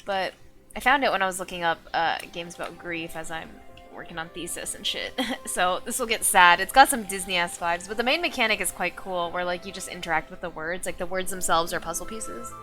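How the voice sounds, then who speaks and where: A woman's voice: fairly low pitch, pushed and bright, faint music behind. A woman, chatting casually through live gameplay commentary. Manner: chatty, talks to chat, quick asides. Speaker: game streamer.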